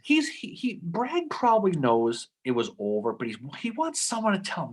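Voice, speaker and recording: A man co-hosting a casual history podcast, telling the story with lively acted-out quotes and frequent "okay?" asides. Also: high-pitched, moderate pace. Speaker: podcast co-host.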